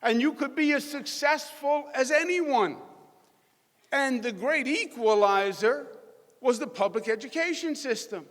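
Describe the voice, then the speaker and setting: A man's voice: extremely high pitch, animated, measured pace, fairly bright tone. A middle-aged man with a Queens, New York accent giving a folksy, emphatic rally speech to a crowd. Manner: folksy, emphatic, punchy crowd-rousing delivery. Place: large hall with a live audience. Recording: echoey hall PA sound.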